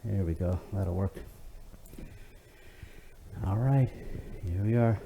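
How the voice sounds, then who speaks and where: Speaking slowly in a low voice, this fitness instructor guides a home workout, easygoing and chatty, with many fillers and false starts. The sound is phone quality, with a little hiss or hum.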